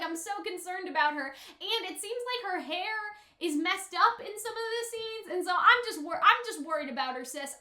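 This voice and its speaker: A young woman talking through an anime episode in casual commentary, chatty and full of fillers, often slipping into quick character impressions. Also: extremely high pitch, pushed and bright, echoey room. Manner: chatty, filler-heavy, quotes characters in put-on voices. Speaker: anime reaction YouTuber.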